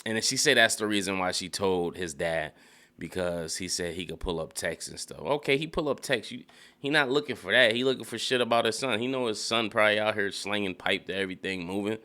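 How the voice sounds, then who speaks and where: A man casually recapping a TV episode, animated and profane, laughing often and mimicking characters in a high voice. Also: fairly quick. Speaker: TV recap reviewer. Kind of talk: casual spoken show recap. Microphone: studio dynamic mic.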